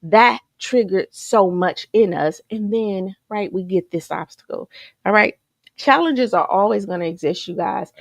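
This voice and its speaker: A woman coaching a group in a lively motivational talk, full of rhetorical questions and repeated calls to "you guys.". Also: mid-range voice, measured pace, gravelly, no room sound. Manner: energetic, repetitive, rhetorical questions, keeps saying "you guys".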